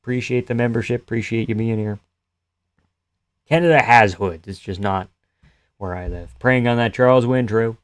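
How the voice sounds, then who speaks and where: A man hosting a live fight-reaction stream, chatting loosely and profanely with his viewers and often trailing off quietly. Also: mid-range voice, normal speed, long pauses, no echo. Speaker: live-stream host reading chat.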